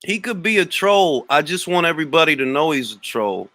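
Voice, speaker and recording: A man's voice: on the high side, very animated, fairly quick, a bit bright, no room sound. A man from Harlem with a New York accent, hosting a livestream and mocking a chat commenter with brash street-slang trash talk. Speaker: livestream host. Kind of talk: taunting livestream rant.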